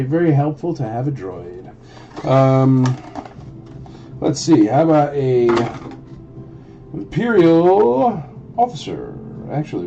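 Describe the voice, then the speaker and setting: A man's voice: medium pitch, slight background noise. Chatty man calling a live auction. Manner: chatty, jokey, greets bidders by name. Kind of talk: casual livestream auction patter. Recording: dull lo-fi stream with loud music.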